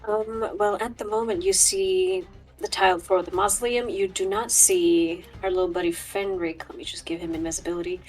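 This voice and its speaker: A woman's voice: on the low side, steady tone, brisk, slightly rough, soft background music, poor audio. A woman running a tabletop game as game master, describing scenes and guiding a player through the rules, sometimes dropping to a whisper for eerie parts.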